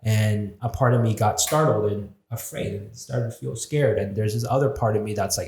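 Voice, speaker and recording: A man with a lowish voice speaks candidly and reflectively, swearing freely as he tells a personal story. He acts out the voices in his own head. The sound has a roomy echo. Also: moderate pace, few pauses, darkish tone. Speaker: podcast guest.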